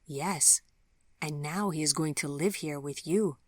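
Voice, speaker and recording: A woman voicing a gentle, soft-spoken man with a calm, formal way of talking in an audiobook story. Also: low voice, measured pace, dry recording.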